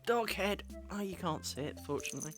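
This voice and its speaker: A woman's voice: fairly low pitch, expressive, a little fast, over music. A woman chatting casually on a live stream from her home, cooing at her dog near her desk microphone. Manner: coos and chats to her dog between remarks.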